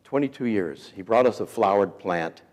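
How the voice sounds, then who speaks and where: A man in his fifties telling a story as a sermon to students, folksy and animated, acting out the people he quotes. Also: fairly low pitch, normal speed. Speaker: week of prayer speaker. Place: school chapel or auditorium. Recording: hall reverb.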